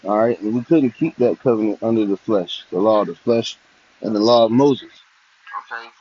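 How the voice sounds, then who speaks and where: A man hosting religious commentary, talking haltingly and leaning on fillers. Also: fairly low pitch, a little hiss or hum. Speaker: host. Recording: dull lo-fi audio.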